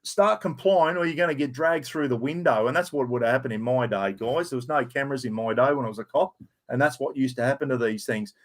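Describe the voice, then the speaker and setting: A man's voice: medium pitch, fairly quick. A middle-aged Australian man telling a heated story to camera, blunt and full of swearing. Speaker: vlogger. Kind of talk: casual rant to camera.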